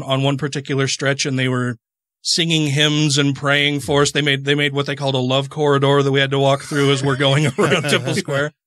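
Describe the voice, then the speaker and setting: A man hosting a podcast, telling a story in a casual, animated way in a studio. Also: mid-range voice, no room sound. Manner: animated, conversational. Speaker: podcast host.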